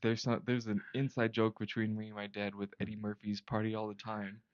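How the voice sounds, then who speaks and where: A man's voice: lowish voice, completely flat delivery, a little fast, no room sound, dull audio. A young man co-hosting a podcast, telling a long story in casual chat with many restarts and fillers. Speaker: podcast co-host.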